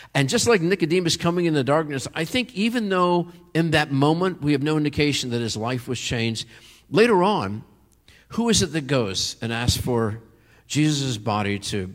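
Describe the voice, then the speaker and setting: An earnest male pastor delivers a sermon at a middle pitch, his voice lifting to emphatic peaks on key phrases. The sound carries a long reverb, as in a large hall.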